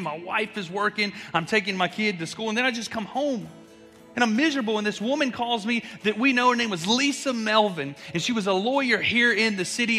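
A man in his thirties, a student pastor preaching and telling his own story, moving from soft to fervent. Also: sits high. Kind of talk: sermon with personal testimony. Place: church sanctuary. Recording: echoey hall, music behind.

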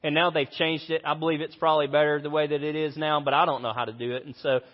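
A man's voice: a little high, little pitch movement, fast talker. A man in his thirties preaches a sermon in a church, earnest and conversational with a dry self-mocking streak. His voice carries the long echo of a large hall, and the recording sounds a little dull. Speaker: pastor. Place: church auditorium.

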